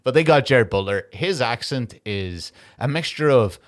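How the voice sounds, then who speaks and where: A man's voice: mid-range voice, lively intonation. A man with an Irish accent co-hosting a comedy podcast, rambling and swearing as he mocks a film in casual chat. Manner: rambling, sweary, quick to mock in put-on quotes. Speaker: podcast co-host.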